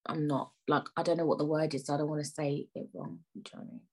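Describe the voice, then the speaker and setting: A woman's voice: deep voice, steady tone, quick pace, vocal fry, a little mellow, slightly rough. A young woman hosting her own podcast, chatting in a rambling, playfully indignant way and sometimes dropping into near-whispered asides. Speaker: podcast host. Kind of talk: casual solo podcast chat.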